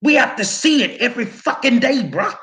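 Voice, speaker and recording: A man's voice: very high voice, expressive, moderate pace, pushed and bright. Angry, profane man ranting at viewers. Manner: angry, profane, confrontational, repeats words. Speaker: show host. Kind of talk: heated commentary addressed to viewers.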